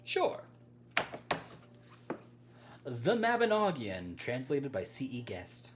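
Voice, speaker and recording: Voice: mid-range voice, animated, moderate pace, slight background noise. A livestream host chatting casually with viewers, rambling, breaking off mid-thought and laughing often.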